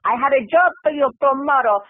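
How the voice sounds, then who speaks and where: A man's voice: very high voice, brisk, no echo, voice pushed up. A man voicing a bossy foreign woman talent agent, clipped and commanding, repeating herself. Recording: tinny, phone-like, dry sound.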